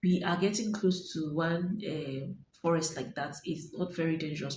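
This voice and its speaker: A young Nigerian woman vlogger tells her viewers a story to camera, dramatically acting out voices and dropping to whispers. Her voice is low-pitched and a little mellow, with fairly even intonation at normal speed, recorded in an echoey room with faint ambient noise.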